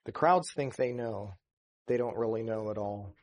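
A man's voice: lowish voice, moderate pace, darkish tone. A man preaching a sermon as pastor of a church, earnest and building to emphatic stress on key points.

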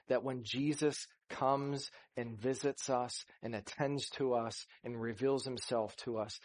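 Earnest male preacher giving a sermon. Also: medium pitch. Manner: earnest preaching, rising to emphasis, acting out scripture dialogue. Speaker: pastor.

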